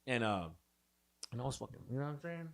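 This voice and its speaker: A man's voice: mid-range voice, expressive, quick pace. A young man co-hosting a podcast, telling a long profane story in casual chat and mixing in Spanish slang. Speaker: podcast co-host.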